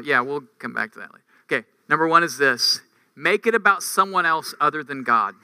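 A man's voice: a little high, pushed and bright, dry recording, clean studio sound. A man preaching a conversational sermon, reading scripture aloud and driving points home with rhetorical questions and emphatic peaks. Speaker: campus ministry preacher.

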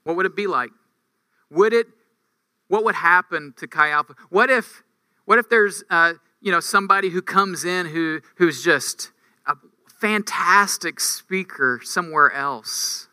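High-voiced, sharp, bright male preacher. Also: measured pace, no echo, clean studio sound. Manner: conversational, rhetorical questions, rising emphatic peaks. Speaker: campus ministry preacher. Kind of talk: sermon.

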